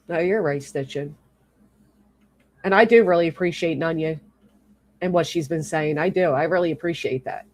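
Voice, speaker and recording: This livestream rant comes from a woman whose darkish voice sits low; she talks at normal speed but pauses often. She's furious and exasperated, swearing a lot while reading out and thanking viewers in her chat.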